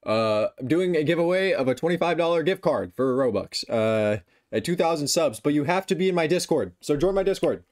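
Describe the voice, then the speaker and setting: A young man giving excitable, self-mocking commentary while playing a game, with yelps when he fails. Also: a little high, fairly quick, few pauses. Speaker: gaming YouTuber. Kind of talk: casual gameplay commentary. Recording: faint music behind.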